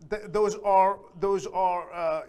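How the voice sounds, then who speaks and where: Teaching English to beginners, a man repeats words slowly and deliberately so students can catch the pronunciation. His voice sits high and is smooth, a little mellow, with fairly even intonation.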